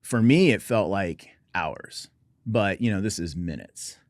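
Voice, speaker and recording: A man's voice: low-pitched, animated, a little slow, no room sound, clean studio sound. A middle-aged man from Oregon, a military veteran guest telling his story in a wry, understated, self-deprecating way. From Oregon, USA. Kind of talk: personal storytelling in conversation.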